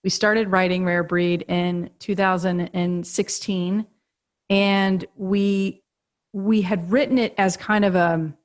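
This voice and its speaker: A woman's voice: mid-range voice, steady tone, slow. A woman guest on a podcast interview, telling a story animatedly, laughing often and acting out quoted dialogue. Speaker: guest, agency co-founder and author. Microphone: podcast remote call.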